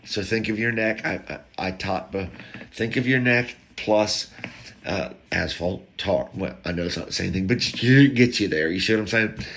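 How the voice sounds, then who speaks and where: Low gravelly man telling a story. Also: moderate pace. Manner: animated, acts out quoted people, jokes about word sounds. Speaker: podcast host. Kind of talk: casual comic storytelling.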